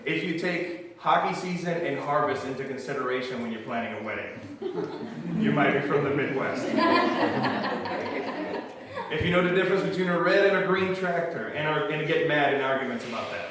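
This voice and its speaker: A man's voice: a little high, expressive, a little fast, recorded from a distance. A man doing a stand-up comedy set, chatty and self-deprecating, often laughing at his own jokes. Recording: very echoey room from afar, faint noise.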